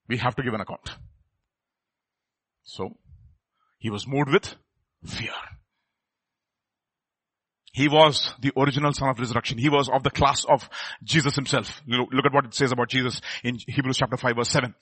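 A man preaching a sermon, firing rhetorical questions at the congregation and swinging from quiet asides to loud, emphatic peaks. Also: medium pitch, steady tone, moderate pace, long pauses, slightly rough, dry recording.

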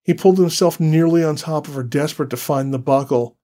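A man giving a scripted horror story narration in a slow, deliberate, dramatic way. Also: on the high side, warm tone.

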